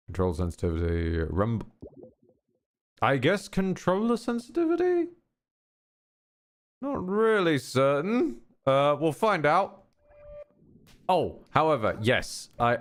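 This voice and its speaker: Male game streamer, mid-pitched, very lively intonation, rambling chat. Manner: rambling, chatty, full of restarts. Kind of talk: casual game commentary.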